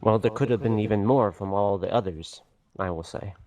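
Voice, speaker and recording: A man playing a tabletop role-playing game, speaking slowly with hesitant pauses and dry humor. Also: on the low side, dark tone, no room sound. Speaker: player. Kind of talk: tabletop role-play chat.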